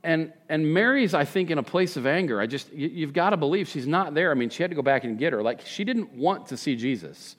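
A male pastor preaching a sermon in a conversational way, swinging between hushed reflection and emphatic questions. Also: a little high, very animated, fairly quick, hardly any pauses.

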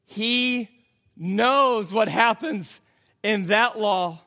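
A man preaching a sermon, reading scripture and explaining it in a slow, dramatic way that builds to emphatic outbursts. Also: high voice, pushed and bright. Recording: long hall reverb.

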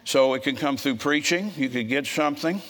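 A man preaching a sermon in a church, telling folksy stories in a frisky, forceful way. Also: a little high, a little fast, big-room sound.

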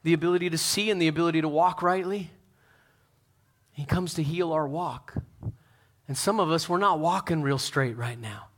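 A pastor preaching a sermon, talking straight to his congregation, swinging from loud fervent peaks to soft hushed lines. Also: on the high side, moderate pace, pauses often. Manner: talks straight to the congregation with questions.

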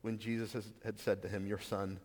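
A man's voice: lowish voice, flat delivery, a little fast, a little mellow. A pastor giving a conversational sermon, asking the listeners questions and restarting his sentences. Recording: long reverb of a hall.

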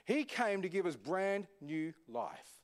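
A man's voice: high-pitched, very animated, slow pace. A man, a senior pastor, preaching a sermon in a conversational way, often asking the congregation questions. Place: echoey church hall.

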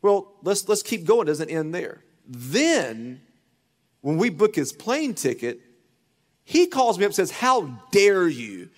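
A man preaching a sermon as pastor, telling a story and acting out the voices in it, swinging from loud to hushed. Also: high-pitched, big pitch swings, measured pace, in a large hall. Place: church sanctuary.

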